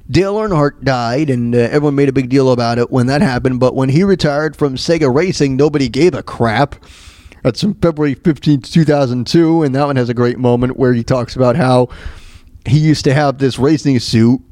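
A man's voice: medium pitch, darkish tone, no echo. A man hosting a radio show, casually recapping old comedy bits in a rambling way, with many fillers and chuckles.

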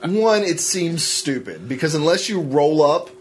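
A man co-hosting a podcast, telling stories in a joking, animated casual chat. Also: fairly high pitch, a little slow. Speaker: podcast co-host.

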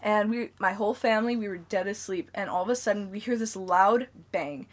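A young woman co-hosts a casual podcast and drifts through her stories, dropping "like" into nearly every sentence. Her pitch sits at an ordinary middle height for a woman. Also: a little fast. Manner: rambling storyteller, heavy on filler "like". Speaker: podcast co-host.

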